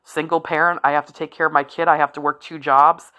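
A woman's voice: deep voice, flat delivery, fast talker, sharp tone, highs cut off. A woman in her forties talking candidly and profanely on her own, rambling with asides and laughter. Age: 40s. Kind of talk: candid solo talk.

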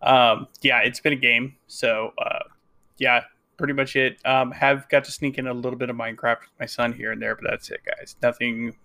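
Gaming podcast co-host, gravelly bright voice, easygoing. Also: male voice, medium pitch, moderate pace. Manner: relaxed, easygoing, laughs along. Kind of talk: casual gaming podcast chat.

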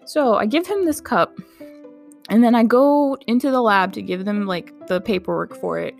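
A woman's voice: on the high side, normal speed, vocal fry, faint music behind. A young woman who works in a medical clinic tells a casual personal anecdote, chatty and incredulous, saying "like" often and laughing through it.

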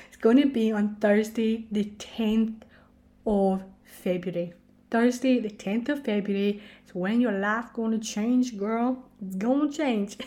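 A woman's voice: mid-range voice, measured pace, warm tone. A woman hosting her own podcast, talking in a gushing, emotional way, swearing casually and slipping into whispers and laughter. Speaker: podcast host. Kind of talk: emotional solo podcast monologue.

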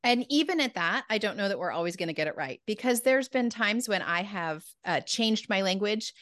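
A woman's voice: mid-range voice, expressive, moderate pace, a bit bright, no room sound. A woman hosts a podcast in a casual, chatty way with small laughs in her voice. Her voice sits in the middle range and sounds close and dry, with no room around it. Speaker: podcast host. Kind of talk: conversational interview.

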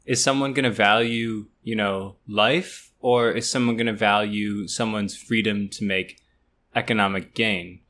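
A young man co-hosting a podcast, chatty and eager, quick to react and poke fun at himself. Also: on the low side, steady tone, fairly bright tone. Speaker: podcast co-host. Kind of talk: casual podcast chat.

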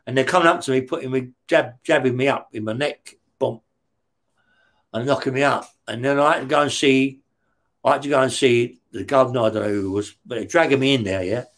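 A man's voice: medium pitch, brisk, fairly bright tone. Blunt swearing man telling a story. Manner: blunt, heavy swearing, keeps checking with "yeah?". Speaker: interview guest recounting prison life. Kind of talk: casual storytelling.

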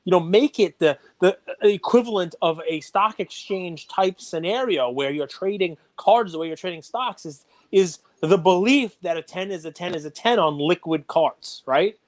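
A man co-hosting a podcast, talking casually and getting animated and worked up. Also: high voice, normal speed, few pauses. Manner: animated, gets worked up and loud. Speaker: podcast co-host.

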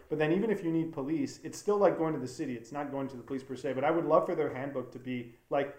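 A man's voice: a little high, fast talker, few pauses, a little mellow. Earnest, rambling man in a roomy room. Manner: rambling, many fillers and restarts, earnest. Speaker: documentary filmmaker. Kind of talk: casual interview talk. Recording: roomy echo.

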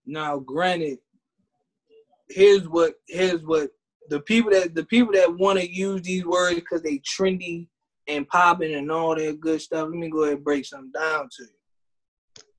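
Animated high-voiced man in casual chat. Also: unhurried. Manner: animated, mimics people, laughs often.

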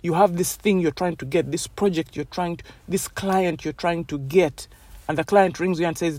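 A woman's voice: on the low side, normal speed, warm tone, slightly rough, no echo. A woman hosting a podcast, talking in a casual, rambling motivational monologue full of "you know"s. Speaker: podcast host.

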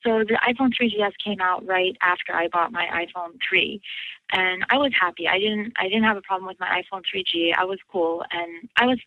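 A woman's voice: on the low side, brisk, dry recording, narrow, tinny audio. A woman caller chatting casually, rambling and giggling, with lots of fillers. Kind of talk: casual chat.

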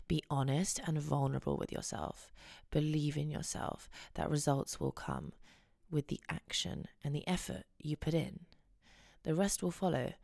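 Young woman host, low fry-heavy voice, rambling casual storyteller. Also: darkish tone, dry recording, clean studio sound. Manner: chatty, giggly, rambling storytelling. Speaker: podcast host. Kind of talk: casual chat.

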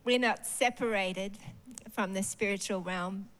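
A woman's voice: mid-range voice, steady tone, measured pace, a bit bright. A woman preacher giving a sermon in a church service. She talks expressively and animatedly and often laughs.

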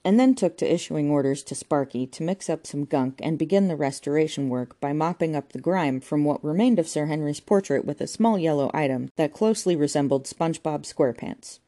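Audiobook narrator: woman, low, mellow voice, wry and dry. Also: brisk, hardly any pauses. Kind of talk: reading a comic novel aloud.

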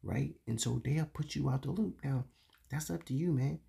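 A man's voice: medium pitch, moderate pace, creaky, warm tone, breathy edge. A young man hosting a faith talk for men, speaking casually and confessionally with lots of slang and fillers. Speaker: podcast host.

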